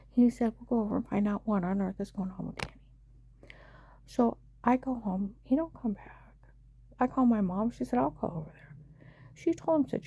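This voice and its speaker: A woman's voice: on the high side, a little fast, creaky, dark tone, breathy edge, no echo. Emotional middle-aged woman telling her story. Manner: emotional, breathless retelling with frequent quoted dialogue. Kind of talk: personal testimony.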